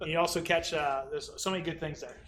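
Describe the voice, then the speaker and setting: A man's voice: a little high, fairly even intonation, fast talker, heavy background noise. Rambling, chatty man co-hosting trivia. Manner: rambling, chatty, full of fillers and tangents. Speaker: trivia co-host. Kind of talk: casual trivia banter.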